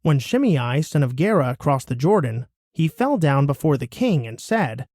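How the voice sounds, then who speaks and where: A man reading a Bible passage aloud in a steady, expressive way. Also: a little high, normal speed, dry recording, clean studio sound. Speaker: scripture reader.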